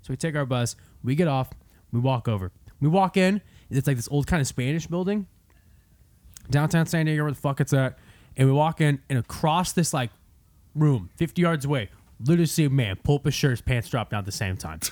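A man's voice: mid-range voice, brisk, no room sound. A young man hosting a podcast, telling a profane story in casual chat and acting out quotes. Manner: profane, animated, acts out quotes. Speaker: podcast host.

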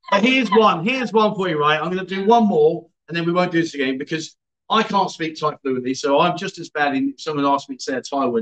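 A man's voice: fairly high pitch, fairly bright tone, rough recording. A man hosting a casual livestream, reading out viewer comments and teasing his guests. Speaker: livestream host.

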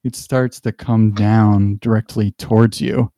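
A man with a low, mellow voice runs a tabletop game and narrates the scene at an easy, halting pace. The sound is dry and close, with no room around it. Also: no room sound. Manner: relaxed, halting scene-setting with fillers. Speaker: game master.

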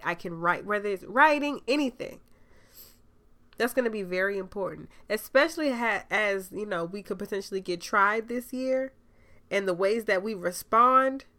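Young adult woman, mid-pitched, podcast host: casual spiritual reading, chatty with fillers, playful dramatic asides. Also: a bit bright. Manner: loose, conversational, frequent fillers, dramatic asides. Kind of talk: casual spiritual advice monologue.

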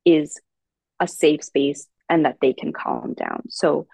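A woman giving parenting advice in a casual podcast chat, calm and explanatory, with many "like"s. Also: deep voice, slow, gravelly, husky, dry recording, low-quality recording. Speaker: parenting educator guest.

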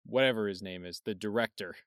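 Working from notes, a young podcast co-host talks through a movie in a low, plain, yet clear and resonant voice, speaking fast in a laid-back, offhand manner with casual swearing and occasional quieter trail-offs. The recording is close and dry, without any room sound.

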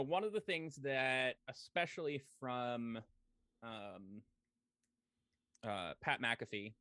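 A man's voice: mid-range voice, sharp tone, dry recording, clean studio sound. A man co-hosting a casual podcast chat over a video call, rambling and hesitant as he poses questions. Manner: rambling, hesitant, many fillers and restarts. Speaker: podcast co-host.

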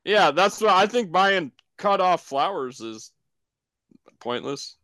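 A man's voice: high voice, expressive, takes it slowly, pushed and bright, no echo. A man co-hosting a casual podcast, telling a story in a laid-back way. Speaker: podcast co-host. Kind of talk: casual chat.

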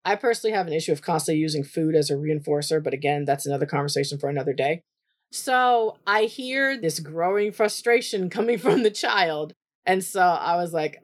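Lady therapist telling a work story, kinda low voice, chatty and animated. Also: a little fast. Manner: chatty, animated, jumps high when quoting herself. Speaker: therapist for autistic children. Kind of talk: casual spoken storytelling.

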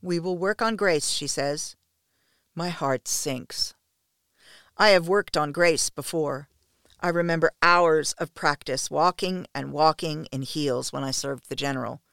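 A woman narrating an erotic story in the first person, in a steady, intimate storytelling manner. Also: sits low, measured pace, creaky, no echo, studio quality.

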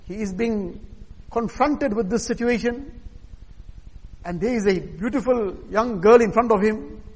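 A man's voice: high-pitched, measured pace, darkish tone, husky. A man preaching a sermon, telling a story earnestly and voicing the people in it. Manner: earnest narrative telling with quoted dialogue. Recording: long hall reverb.

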